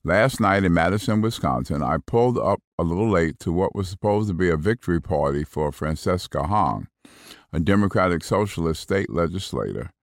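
A man reading magazine articles aloud in a measured, even scripted narration. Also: sits low, dry recording, clean studio sound. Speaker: magazine audio reader.

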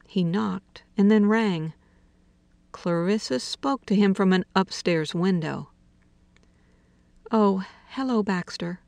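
A woman reading a literary short story aloud in a slow, measured way, dropping to a hush for quiet dialogue. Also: medium pitch, vocal fry, dry recording. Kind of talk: audiobook narration of literary fiction.

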